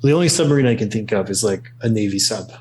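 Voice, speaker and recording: A man's voice: fairly low pitch, expressive, quick pace, darkish tone, slight background noise. A man co-hosting a casual podcast, asking questions in a curious tone. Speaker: podcast co-host.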